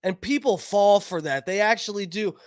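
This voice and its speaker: A man's voice: high-pitched, normal speed, dry recording, clean studio sound. A man commentating online in an angry, profane political rant, repeating himself as he goes.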